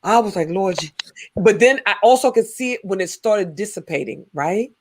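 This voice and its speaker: A woman hosting a casual talk show, telling a story with lively restarts. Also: mid-range voice, moderate pace. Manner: animated storytelling, many restarts. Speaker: podcast host. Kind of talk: casual chat.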